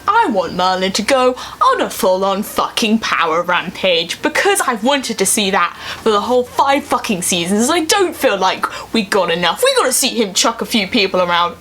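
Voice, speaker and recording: A woman's voice: mid-range voice, big pitch swings, moderate pace, a bit bright, a little hiss or hum. Emphatic, swearing woman vlogger. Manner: emphatic, heavy swearing, emotional. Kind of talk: casual fan rant.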